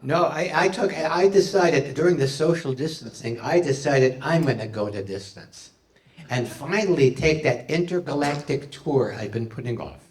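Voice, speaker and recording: A man's voice: fairly high pitch, animated, moderate pace. Man, stand-up comedian, playful punning delivery, echoey hall, distant mic. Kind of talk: stand-up comedy with audience questions. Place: live venue with audience.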